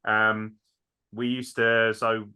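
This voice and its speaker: Swearing podcast host, bright tone. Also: male voice, on the low side, completely flat delivery, slow, clear, resonant tone. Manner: loose, swears freely, laughs often. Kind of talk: casual interview chat.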